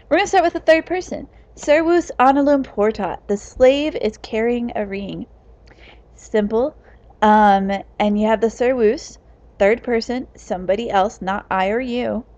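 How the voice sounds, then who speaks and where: A woman teaching as a Latin teacher, talking slowly and stressing each word ending. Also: on the high side, a little mellow. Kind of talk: classroom explanation. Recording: dull lo-fi recording.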